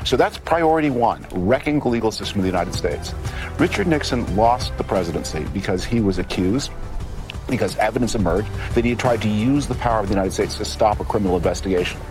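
A man with a lowish voice talks quickly and urgently, laying out his reasoning point by point as a political commentator. It is a broadcast interview clip with faint music underneath. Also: animated. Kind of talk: television interview answer.

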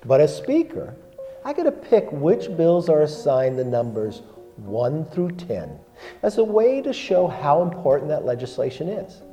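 A man explains in a measured, sing-song manner. His voice is mellow and swings lively in pitch. The clip carries a long reverb with faint music underneath. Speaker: politician in a played clip. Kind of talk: slow explanatory address.

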